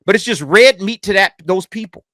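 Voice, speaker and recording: A man hosting a reaction commentary, swearing freely and answering the clip as it plays. His voice sits high and bright. It swings widely in pitch, recorded close in a dry, dead room. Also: fairly quick, no room sound. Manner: animated, profane, talks back to clips. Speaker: commentary channel host.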